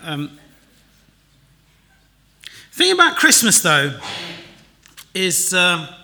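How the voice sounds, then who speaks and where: A man's voice: high voice, wildly swooping pitch, drawn-out words, gravelly, pushed and bright. A man giving a chatty church sermon and notices, with wry, self-deprecating asides. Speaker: preacher.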